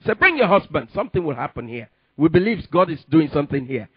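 A man preaching a sermon and telling his testimony, with emphatic delivery that rises to sudden loud peaks. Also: on the high side, big pitch swings, fast talker, breathy edge, no echo, lo-fi sound. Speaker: pastor.

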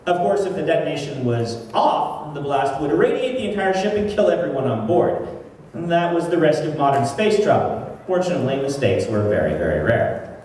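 A man's voice: on the high side, big pitch swings, a little fast, a little mellow. A man, an author, chatting casually with many fillers at a convention session and then reading his fiction aloud. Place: convention hall. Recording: distant echoey hall, faint noise.

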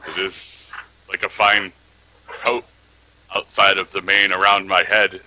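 A man's voice: low-pitched, flat delivery, measured pace, bright, forceful tone, low-quality recording. A man playing in a tabletop game, joking and laughing easily. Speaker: player. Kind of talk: tabletop role-play chat.

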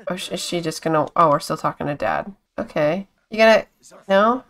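Bright-voiced chatty woman gamer. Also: lowish voice, a little fast. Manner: chatty, talks to her game characters; giggly, exclaims often. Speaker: gameplay streamer. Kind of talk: casual gameplay commentary.

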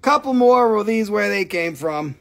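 A male host selling minerals on a live stream. He is excitable and playful and reels off prices and stock numbers. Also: sits high, moderate pace, vocal fry. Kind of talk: live sales stream, casual chat.

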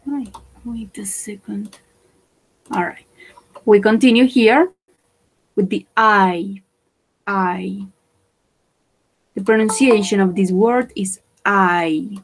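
A woman teaching English vocabulary, repeating each word slowly for pronunciation and switching into to explain. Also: medium pitch, slight background noise, low-quality recording. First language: Spanish. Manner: slow, repeats words for pronunciation. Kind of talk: bilingual vocabulary lesson.

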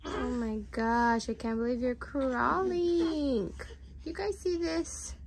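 A woman's voice: high-pitched, steady tone, takes it slowly, vocal fry, a little hiss or hum. A mother on a family vlog, cooing at her baby in sing-song baby talk.

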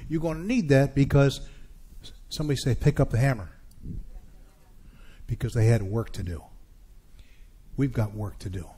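A man's voice: mid-range voice, normal speed, long pauses, warm tone, breathy edge. A middle-aged man preaching a sermon as pastor, calling out to his congregation. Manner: preaching with rising calls to the congregation.

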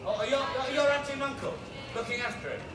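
A man performing a crowd-work street show outdoors, loudly bossing and teasing his volunteers. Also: very high-pitched, fairly even intonation, quick pace. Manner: loud, bossy and teasing with volunteers. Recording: distant echoey outdoor sound with loud crowd.

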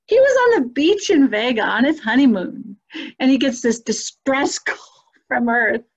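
A woman's voice: high-pitched, lively intonation, normal speed, highs cut off. A woman telling a personal spiritual story in a casual, earnest and emotional way, as a guest on a video call.

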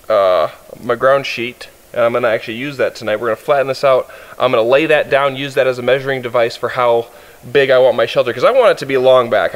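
A man's voice: mid-range voice, low-quality recording. A man casually talking to camera outdoors in the winter woods, rambling and correcting himself, a little out of breath. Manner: rambling, self-correcting, chatty. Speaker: outdoor vlogger.

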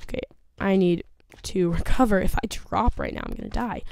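A woman's voice: medium pitch, wildly swooping pitch, moderate pace, darkish tone, dry recording. Jumpy woman narrating her gameplay. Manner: jumpy, nervous, chattering to herself and the game. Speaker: gaming video host. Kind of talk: let's play commentary.

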